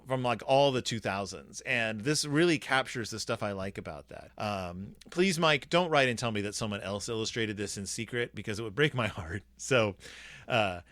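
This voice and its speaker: Excitable guy rambling on about a kids book, bouncy pitch, dry close sound. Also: dry recording. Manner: enthusiastic, rambling, acts out the characters' lines. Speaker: podcast host reviewing children's books. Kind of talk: casual book review chat.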